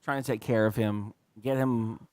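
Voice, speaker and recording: A man's voice: medium pitch, fairly even intonation, normal speed, a little mellow, no echo, clean studio sound. A man co-hosting a podcast in casual chat, sighing, swearing and saying "like" a lot. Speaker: podcast co-host.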